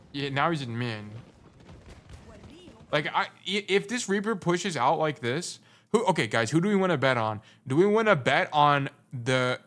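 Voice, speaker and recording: A man's voice: mid-range voice, fairly bright tone. Blunt young man coaching gameplay. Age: young adult. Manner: blunt, teasing, repeats points for emphasis. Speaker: game coach. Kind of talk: casual gameplay review commentary.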